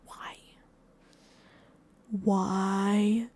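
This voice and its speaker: A young woman recapping a reality show in a casual, animated rant, using a lot of filler and often laughing at her own exasperation. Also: medium pitch, extremely slow, a little hiss or hum. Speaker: vlogger reacting to a reality show.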